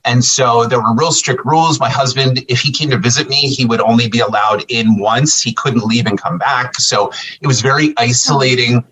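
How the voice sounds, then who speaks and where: A man's voice: mid-range voice, normal speed, few pauses, breathy edge, poor audio. A middle-aged man, a podcast guest telling a casual story and acting out the back-and-forth of conversations. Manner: animated storyteller acting out quoted exchanges.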